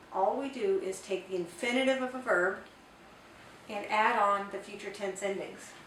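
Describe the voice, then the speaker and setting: Woman teaching in a roomy space. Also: medium pitch. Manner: clear, patient, spells out examples. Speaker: Spanish teacher. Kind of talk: explanatory language lesson. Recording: roomy, distant mic, faint hiss.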